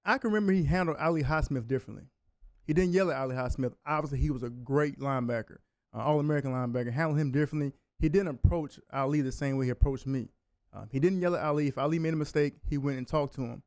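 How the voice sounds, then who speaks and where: A man's voice: fairly high pitch, a little mellow, no echo. A man, a former college linebacker, telling stories as a guest on a sports talk show in the studio. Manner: fast storytelling, laughs while telling stories. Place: radio studio.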